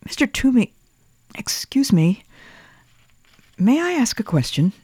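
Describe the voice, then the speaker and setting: A reader voicing a quiet, earnest seven-year-old boy who whispers politely in a storybook. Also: medium pitch, very animated, a little slow, slightly rough, no echo, pitched above the performer's own voice. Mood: hushed polite. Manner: soft, hushed pleading whisper.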